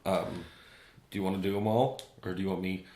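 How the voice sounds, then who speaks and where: A man's voice: deep voice, steady tone, fairly quick, warm tone, reverberant, a little hiss or hum. A man co-hosting a casual comedy chat, talking in a hesitant, easygoing way. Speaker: co-host.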